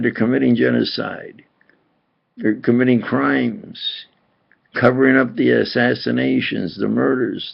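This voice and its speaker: Man, slow husky gravelly talker, rambling agitated monologue, dull lo-fi home video sound. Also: mid-range voice.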